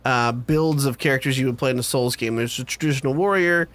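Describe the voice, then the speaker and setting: A man's voice: mid-range voice, fast, a bit bright. A man co-hosting a casual podcast chat, joking and rambling with frequent fillers. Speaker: podcast co-host.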